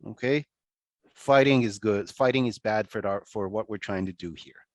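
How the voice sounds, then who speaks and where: A man giving an online lecture over a video call, talking in a conversational, animated way with many restarts and asides. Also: fairly low pitch, normal speed, no echo.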